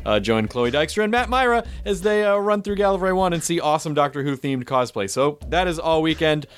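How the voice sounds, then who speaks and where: A man's voice: fairly high pitch, animated, a little fast, clean tone. A man from the Southern United States hosting a podcast, chatting casually and playfully, with light jokes and ad reads. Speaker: podcast host.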